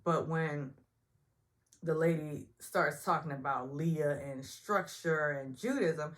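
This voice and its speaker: A woman casually recapping a reality show, chatty and opinionated, often mimicking people in higher voices. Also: slow pace. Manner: chatty and opinionated, acts out quotes in high voices. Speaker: recap vlogger.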